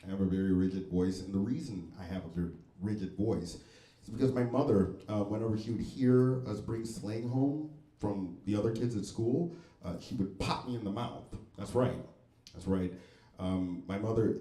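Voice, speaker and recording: A man doing a stand-up set in a comedy club, deadpan and wry, with very crisp, proper diction. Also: fairly low pitch, normal speed. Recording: echoey club room.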